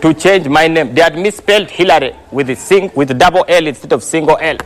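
A man's voice: a little high, brisk. A man with a Ugandan English accent doing stand-up comedy on stage, telling a story and teasing the audience directly. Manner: teasing, addresses the crowd directly. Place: stage in front of a live audience. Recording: live show with crowd noise. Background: audience laughter.

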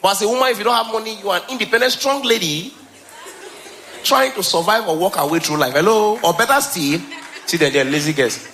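A man with a Nigerian accent performing a stand-up comedy special on stage, animated, slipping between Pidgin and English and laughing often. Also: sits high, brisk, a little hiss or hum. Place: stage before live audience.

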